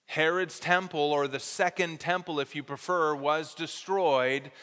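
A man preaches with a high, bright voice and teaches earnestly, stressing key words. His tone is smooth and clear. A long reverb trails each phrase, as in a large hall. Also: steady tone, a little slow. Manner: earnest, explanatory teaching with careful emphasis. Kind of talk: expository sermon.

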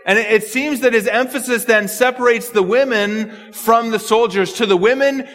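Earnest preacher, high voice, hall reverb. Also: male voice, moderate pace, a bit bright. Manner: earnest, repeats words when thinking aloud. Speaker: pastor. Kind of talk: expository sermon.

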